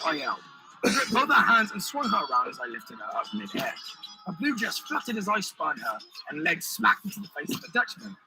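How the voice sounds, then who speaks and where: A man's voice: high voice, vocal fry, low-quality recording. A man narrating his own pirate adventure audiobook in the first person, telling the action vividly. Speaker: author reading his own novel.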